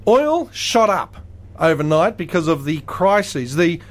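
A man's voice: a little high, very animated, takes it slowly. A man hosting a casual comedy talk show, ranting bluntly and crudely. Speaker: radio show host.

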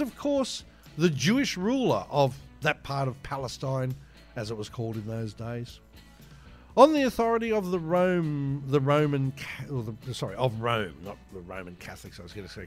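A man co-hosting a show, giving an irreverent, profane comic retelling full of rambling asides. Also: medium pitch. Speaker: podcast co-host.

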